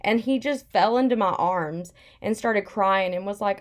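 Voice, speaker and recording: A woman's voice: mid-range voice, measured pace, few pauses. A young woman in casual chat, telling a personal story candidly with plenty of "like" fillers.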